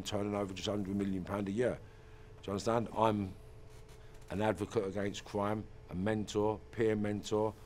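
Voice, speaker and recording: A man's voice: fairly low pitch, a little mellow, a little hiss or hum. A middle-aged man, telling an interviewer about his past in an intense, blunt and profane way with emphatic repeats. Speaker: ex-offender turned mentor and motivational speaker.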